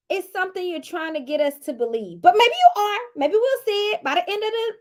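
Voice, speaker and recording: High-voiced woman, sassy recap vlogger, casual and teasing. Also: normal speed. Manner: sassy and animated, teasing asides. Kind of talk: casual chatty commentary.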